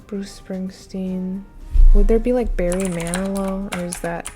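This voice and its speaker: A woman's voice: medium pitch, steady tone, unhurried, over music. Flustered woman muttering through a quiz. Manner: flustered, muttering, many ums. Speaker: quiz video creator. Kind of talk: casual thinking aloud during a quiz.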